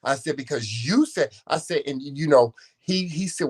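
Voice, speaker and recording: A man co-hosting a casual couple's chat show, telling his side with expressive, theatrical storytelling. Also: a little high, normal speed, slightly rough. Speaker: co-host.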